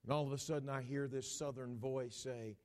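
A middle-aged man delivering a sermon, speaking straight to his listeners and swinging from loud, forceful bursts to hushed, almost whispered lines, often repeating and restarting words. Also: mid-range voice, steady tone, fairly quick. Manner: dramatic preaching, swinging from loud outbursts to hushed near-whispers; addresses the audience directly, repeats and restarts words. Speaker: pastor.

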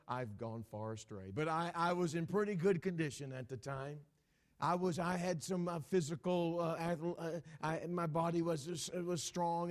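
A middle-aged man delivering a sermon, speaking straight to his listeners and swinging from loud, forceful bursts to hushed, almost whispered lines, often repeating and restarting words. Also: fairly high pitch. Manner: dramatic preaching, swinging from loud outbursts to hushed near-whispers; addresses the audience directly, repeats and restarts words. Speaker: pastor.

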